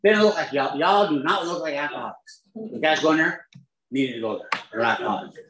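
An older man with a drawl spins his recovery story for a live crowd, poking fun at himself and chuckling along the way. His voice sits a touch high for a man, and the room around him rings with echo. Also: a little fast, a bit bright, slight background noise. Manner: wry, self-mocking humor, chuckling at his own story. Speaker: recovery speaker. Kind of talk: storytelling talk to a live audience.

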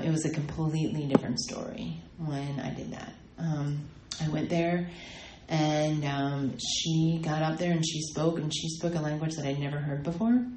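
A woman shares her recovery story in a halting way, stopping often for ums and fresh starts. Her voice sits low and warm, and it rings in an echoey room over faint background ambience. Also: a little hiss or hum. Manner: halting, many ums and restarts. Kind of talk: personal testimony talk.

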